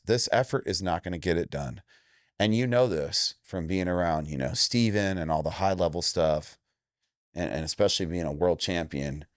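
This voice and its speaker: Blunt fight coach in his 40s, real deep voice, jumps up high when he quotes people, dead dry sound. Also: no echo. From Indiana, USA. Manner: blunt, emphatic, acts out quoted lines with jumps in pitch. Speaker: MMA coach, guest. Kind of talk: candid interview talk.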